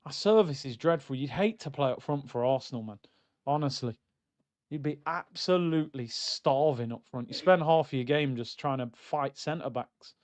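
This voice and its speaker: A young man reacting live to a football match on stream, swinging between loud outbursts and low muttering. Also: normal speed. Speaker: watchalong streamer.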